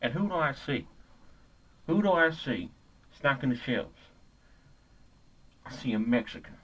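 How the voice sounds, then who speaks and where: A man's voice: mid-range voice, expressive, unhurried, a bit bright, rough recording. Man plays ignorant hothead ranting to camera; profane, rambling, self-correcting, everyday mid-range voice. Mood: angry rant. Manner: profane, rambling, stumbling over his own words. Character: hot-headed, ignorant ranting grown man. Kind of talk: comedic character monologue.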